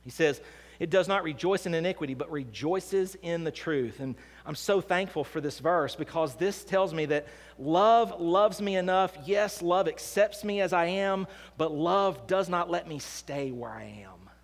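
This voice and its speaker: A man preaching a sermon as pastor, swinging between hushed and emphatic delivery. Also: fairly high pitch, a little slow, few pauses. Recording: long hall reverb.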